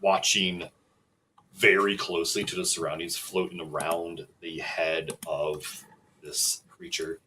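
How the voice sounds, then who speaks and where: Low, bright-toned male game master; halting, filler-heavy narration over faint noise. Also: rough recording. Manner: relaxed, hesitant narration with many fillers.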